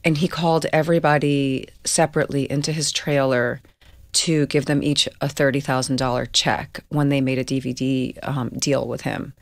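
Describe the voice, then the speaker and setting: A woman from Queens with a New York accent, speaking as an interview guest in a candid, storytelling way with a deep, slightly gravelly voice. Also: flat delivery, moderate pace, no room sound. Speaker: guest actress. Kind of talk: casual interview chat.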